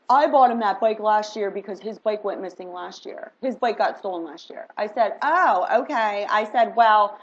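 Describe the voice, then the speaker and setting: A middle-aged woman, a mother, telling a story in an indignant, animated casual rant, acting out her own lines and others'. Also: a little high, highs cut off.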